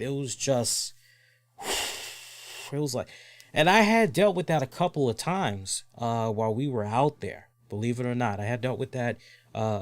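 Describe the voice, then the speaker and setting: A man in his thirties hosts his own show and tells a long story in easy, casual chat. He swears freely and swings his voice sharply upward when he acts out what other people said. The recording is very dry, with no room sound at all. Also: no echo. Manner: animated, swears freely, acts out other people's lines with big pitch jumps. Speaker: podcast host.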